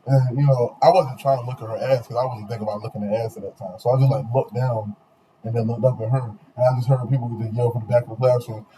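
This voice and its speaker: A man's voice: mid-range voice, steady tone, quick pace, dark tone, a little hiss or hum, low-quality recording. A young man hosting a podcast, telling loose, profane stories in casual chat. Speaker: podcast host.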